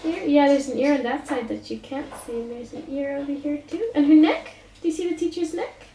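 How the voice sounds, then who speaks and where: A woman's voice: high-pitched, brisk, background noise. Woman reading a picture book to a toddler. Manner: playful sing-song reading with animal noises. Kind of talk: reading a picture book aloud to a small child. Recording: roomy home recording from a distance.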